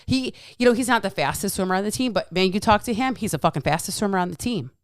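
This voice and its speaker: A woman's voice: mid-range voice, animated, quick pace, no room sound, studio quality. Frank, chatty woman in her forties. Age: 40s. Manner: chatty, frank, swears freely, acts out quotes. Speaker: podcast guest. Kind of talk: casual podcast chat.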